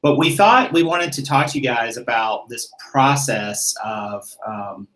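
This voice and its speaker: A man's voice: mid-range voice, unhurried, low-quality recording. Easygoing man hosting a channel. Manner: relaxed and self-mocking, with easy laughs. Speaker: YouTube channel host. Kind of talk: casual chat.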